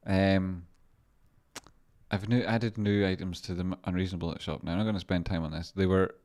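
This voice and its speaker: A man with a deep, low voice talks casually on a live stream, answering his chat and wandering through his points in a loose, rambling way. He sounds relaxed and chatty, restarting and circling back as he goes. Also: brisk. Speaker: livestream host doing stock chart analysis.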